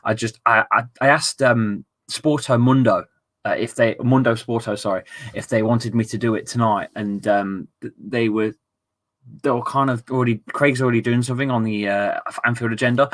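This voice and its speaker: A man's voice: medium pitch, fairly even intonation, moderate pace. A young man chatting casually on a football live stream, reading viewer messages aloud and laughing often.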